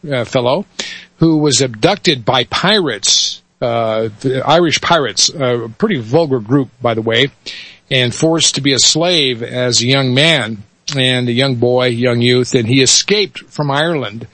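A man telling a story in a folksy, halting way, with many fillers and restarts. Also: mid-range voice, a bit bright, no echo. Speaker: speaker telling a joke. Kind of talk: casual storytelling.

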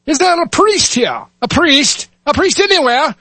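A man's voice: very high voice, expressive, moderate pace, pushed and bright, no echo, voice pushed up, full character voice. A man voicing a flustered police officer calling out urgently. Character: Irish street cop, flustered and loud.

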